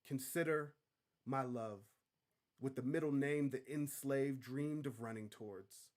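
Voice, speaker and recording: A man, a poet receiving an award, reciting his own poem in a measured, rhythmic delivery with long pauses. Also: medium pitch. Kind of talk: poetry recitation.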